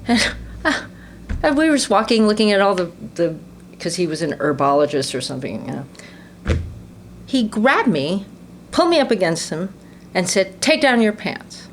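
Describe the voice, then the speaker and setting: A woman in her sixties tells her stories with animated energy, laughing often and acting out the voices of people she quotes. Her voice sits a little low. A faint noise runs under the recording. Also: normal speed, pauses often. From United States. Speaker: interview guest, actress. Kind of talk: casual interview conversation.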